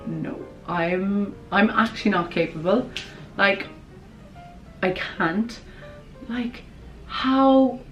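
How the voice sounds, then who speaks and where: A young woman in her twenties with a Kerry Irish accent, chatting bubbly and quick to camera as a vlogger. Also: lowish voice, low-quality recording. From Ireland. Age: 20s. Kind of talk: casual chat to camera.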